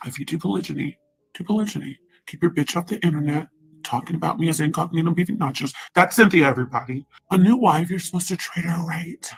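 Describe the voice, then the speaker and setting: A woman's voice: deep voice, fast, creaky, husky, soft background music, rough recording. A woman in a profane, rambling angry rant, taunting and repeating herself.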